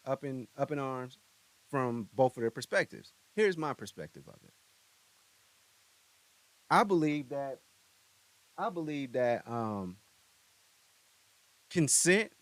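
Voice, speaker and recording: A man's voice: mid-range voice, fairly bright tone. Laid-back slangy male podcast host. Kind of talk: casual commentary. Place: podcast studio.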